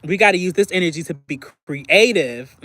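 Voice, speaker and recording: On a candid personal livestream, a young host with a high, light, sharp voice chats openly, confiding and playful. He animatedly acts out little phone conversations in quick voices and keeps clearing his throat. The sound is close and dry with no echo or room around it.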